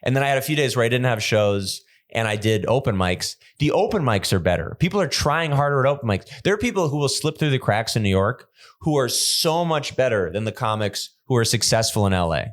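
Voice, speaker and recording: A young adult man, a stand-up comedian hosting a podcast, telling stories in a rambling, animated way with lots of restarts. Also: mid-range voice, a little fast. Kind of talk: casual comedic chat.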